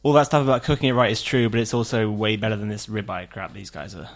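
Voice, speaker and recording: Male co-host, earnest, argues his corner, halting restarts. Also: on the low side, fairly even intonation. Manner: earnest, defends his opinions, starts lines with hesitant restarts. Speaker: podcast co-host. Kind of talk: casual group chat about video games.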